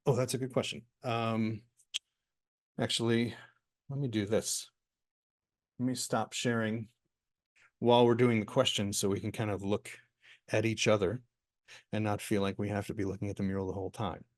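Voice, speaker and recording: Relaxed male workshop facilitator, dry sound. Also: fairly low pitch, moderate pace, dry recording. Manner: relaxed, rambling, many fillers and restarts. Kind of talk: answering questions in a live online workshop. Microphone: video call.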